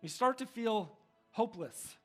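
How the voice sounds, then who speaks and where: A man's voice: high-pitched, lively intonation, unhurried, soft background music. A male pastor giving a casual, joking sermon, self-deprecating and full of restarts.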